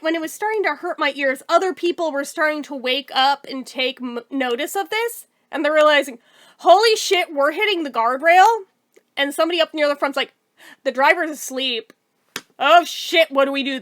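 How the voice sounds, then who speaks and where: A woman's voice: very high-pitched, a bit bright. A woman casually telling a personal story to her viewers, candid and chatty, swearing freely.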